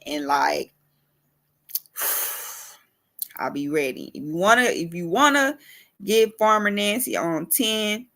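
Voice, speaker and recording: A woman's voice: medium pitch, expressive, slow pace, creaky, long pauses, a bit bright. A woman urban farmer ranting in a casual vlog, emphatic and repetitive, cussing freely.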